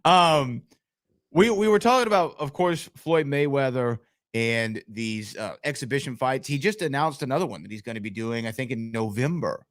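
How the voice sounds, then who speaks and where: A man's voice: mid-range voice, normal speed, no room sound. A man co-hosting a sports podcast in a studio. He chats casually and thinks aloud, hedging his points as he goes. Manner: talkative, thinks aloud with hedges. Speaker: podcast co-host. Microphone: studio microphone.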